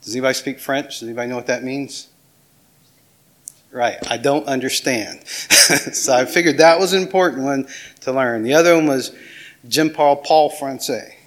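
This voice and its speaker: Middle-aged male pastor, Southern accent, relaxed conversational sermon, ordinary pitch. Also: a little fast, pauses often. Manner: casual, self-deprecating, with small laughs and restarts.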